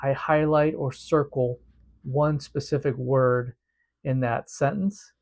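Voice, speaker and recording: A man's voice: medium pitch, steady tone, slow pace, darkish tone. A man teaching a devotional method in a casual, earnest way, often repeating words as he explains.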